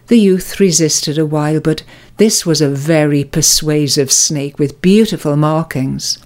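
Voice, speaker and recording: A woman giving a scripted spiritual reflection, telling a story and drawing its lesson in a calm, measured way. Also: low-pitched. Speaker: devotional presenter.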